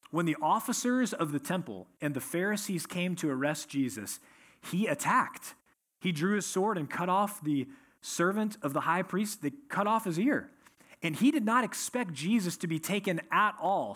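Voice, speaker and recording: A man delivers an expository sermon with a slightly raised pitch and a lively, rising-and-falling delivery. His voice carries a faint husky edge as he reads scripture and unpacks it for the congregation. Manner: expository preaching, reading scripture then explaining. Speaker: pastor.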